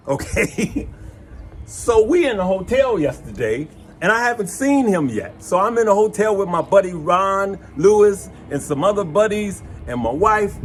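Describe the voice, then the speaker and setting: A host from tells his stories in a lively, folksy way. His voice sits a little higher than most men's. There is a faint room hum behind him. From West Side of Chicago. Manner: animated, folksy, addresses viewers as "good people" and "y'all". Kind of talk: casual chat and storytelling.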